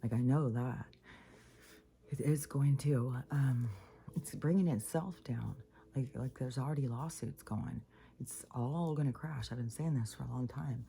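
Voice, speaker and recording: A woman rants in a rambling, casual monologue, swearing freely and restarting her sentences. Her voice is gravelly and very mellow. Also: extremely low pitch, a little slow. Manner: profane, rambling, many fillers and restarts. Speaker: spiritual vlogger.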